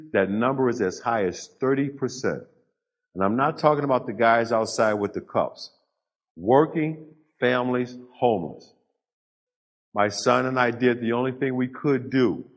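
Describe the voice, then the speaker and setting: An older man giving a storytelling speech to a live audience, pausing for effect and building emphasis. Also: lowish voice, muffled recording. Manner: storytelling with dramatic pauses and rising emphasis. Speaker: motivational speaker.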